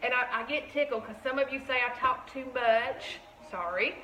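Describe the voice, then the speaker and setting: Folksy Southern woman hosting a live baking stream; chatty, bright, in a roomy kitchen. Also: on the high side, normal speed. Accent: Southern American. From Tennessee. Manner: chatty, folksy, greets viewers by name. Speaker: shop owner hosting a live cooking stream. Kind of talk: casual live cooking chat.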